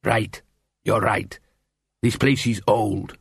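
A man's voice: on the low side, fairly even intonation, creaky, breathy edge, no echo, studio quality, full character voice. A man voicing a curious male dwarf who thinks things through aloud, read as an audiobook character. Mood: reasoning. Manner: quick-thinking, explaining, reasoning aloud.

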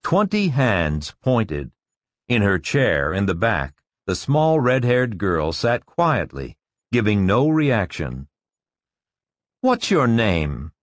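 Man, audiobook narrator, slow measured reading, lively pitch, dry close sound. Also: dry recording.

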